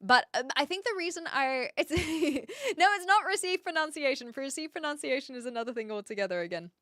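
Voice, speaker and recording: A woman with an educated New Zealand accent, chatting casually on a live stream, rambling, pausing to search for words and reading chat aloud. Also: high-pitched, lively intonation, a bit bright, no room sound, clean studio sound.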